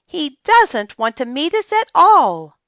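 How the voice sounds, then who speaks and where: A woman's voice: sits high, big pitch swings, slow pace, fairly bright tone, no echo, muffled recording, pitched above the performer's own voice, full character voice. A woman voicing a polite, earnest young boy in a storybook reading.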